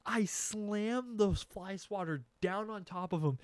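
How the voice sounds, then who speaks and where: A young man telling a comedic story on a podcast, animated and profane, acting out sounds and quotes. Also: sits high, takes it slowly, smooth, no echo.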